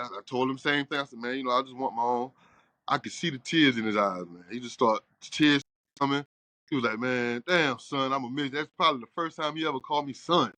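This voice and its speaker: In a relaxed interview, a middle-aged man who owns a barbershop spins a long tale, performing each character's dialogue with lively energy. He speaks at a medium pitch, briskly, in a dry recording.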